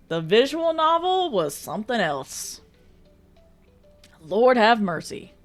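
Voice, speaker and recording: A woman's voice: a little high, very animated, takes it slowly, pauses often, faint music behind. A woman streaming live, chatting casually and reading out viewer messages, exclamatory, swearing freely and laughing often.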